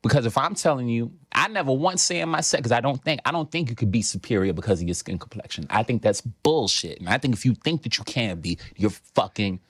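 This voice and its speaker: A man's voice: mid-range voice, expressive, fast talker, few pauses, a bit bright, husky, no room sound, clean studio sound. A young man with a New York accent, a comedian guest on a podcast who speaks in an emphatic, profane way. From New York City. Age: young adult. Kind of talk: casual podcast chat.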